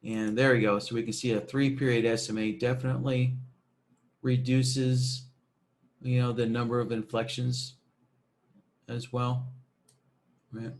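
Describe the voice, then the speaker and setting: Casual man walking through software. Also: medium pitch, flat delivery, measured pace, long pauses. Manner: casual, many fillers and tag questions. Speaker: software tutorial presenter. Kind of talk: screen-recorded software tutorial.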